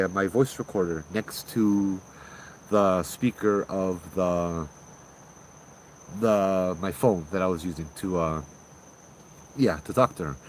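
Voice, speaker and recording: Brief: low-pitched man, host, rambling casual ghost-story telling, faint background noise. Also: rough recording. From Hawaii. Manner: rambling, with many restarts.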